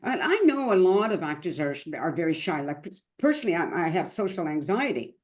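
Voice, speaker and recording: A woman's voice: lowish voice, big pitch swings, fairly quick, darkish tone. A woman raised in Montreal, interviewing an actor in a casual, easygoing way, trailing off with fillers.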